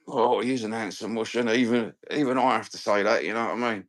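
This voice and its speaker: A man's voice: on the low side, fairly even intonation, brisk, no room sound. A man with a Cockney accent hosting a fan live stream, rambling and swearing in slang-filled casual chat. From London. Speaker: fan channel host.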